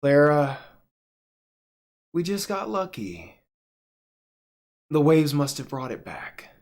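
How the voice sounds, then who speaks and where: A man voicing a gentle, tired father who is a novelist, speaking softly and reassuringly while reading a webtoon aloud. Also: a little high, sing-song, slow pace. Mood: patient.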